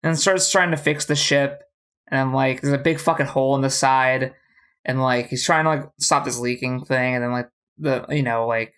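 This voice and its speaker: A podcast co-host rattling through a TV episode recap in loose, casual chat. The delivery is profane and animated, slipping into quick acted-out lines for the characters. Pitch sits in an ordinary middle range. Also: clean tone.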